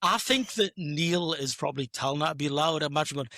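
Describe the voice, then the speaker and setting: A man with a high, bright voice jokes through a film recap on a podcast, laughing easily and slipping into mocking impressions. The sound is dry and close to the mic, with no room echo. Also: quick pace. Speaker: podcast co-host. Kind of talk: casual chat.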